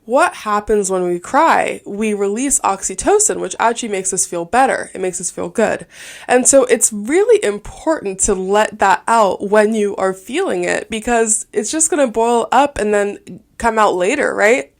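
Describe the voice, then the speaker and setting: A woman's voice: medium pitch, animated, normal speed. A woman in her twenties hosting her own podcast, telling personal stories in a chatty, candid way full of fillers. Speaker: podcast host. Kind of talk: casual solo podcast talk.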